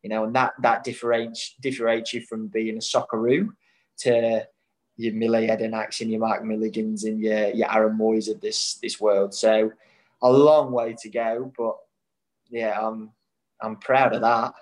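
Footballer with a Scouse-like Irish-Australian mix. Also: male voice, lowish voice, level tone, moderate pace, poor audio. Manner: rambling, many restarts, spirited. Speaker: national team footballer, guest. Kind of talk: casual interview chat.

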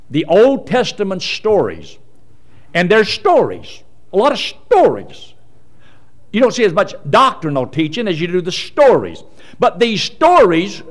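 Folksy preacher with lively swings. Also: male voice. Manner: folksy, swings from loud emphasis to low asides. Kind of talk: sermon.

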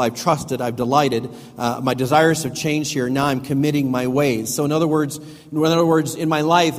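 A middle-aged male pastor preaching a sermon with emphatic swings between loud and hushed delivery. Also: on the high side. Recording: long hall reverb.

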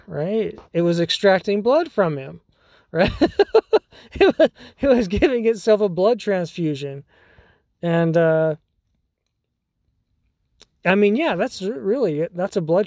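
A man's voice: a little high, darkish tone, no echo, clean studio sound. A man hosting a podcast, telling a story in a casual, rambling way with many fillers and restarts. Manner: rambling, full of fillers and restarts, laughs often. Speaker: podcast host.

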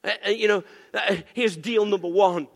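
A pastor delivers a lively sermon, teasing his congregation and asking them for amens. His voice sits high for a man. The sound carries the long reverb of a large church hall. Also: moderate pace, vocal fry. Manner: animated, playful, call-and-response.

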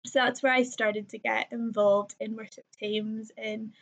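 A woman's voice: fairly high pitch, little pitch movement, measured pace, vocal fry. A young woman telling her story as a podcast guest, chatty and full of ums and likes, laughing often. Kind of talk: casual conversational storytelling. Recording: slightly muffled lo-fi sound.

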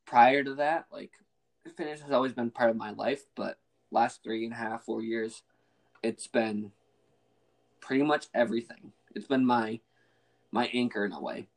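A man's voice: mid-range voice, moderate pace. A young man hosting a podcast in casual chat, rambling with fillers and restarts. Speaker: podcast host.

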